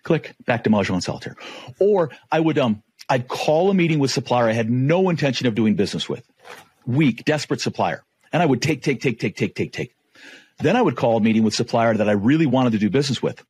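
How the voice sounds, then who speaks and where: Animated storytelling man, lively pitch. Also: fast, slightly rough, dry recording. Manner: animated, acts out dialogue. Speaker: negotiation trainer. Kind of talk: storytelling in a talk.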